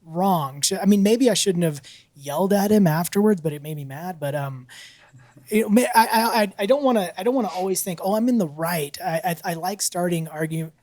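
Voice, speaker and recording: A man's voice: high voice, fairly quick, dry recording. A man co-hosting a podcast, telling a story casually, laughing often and acting out what people said. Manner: animated, laughs often, acts out quotes. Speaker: podcast co-host.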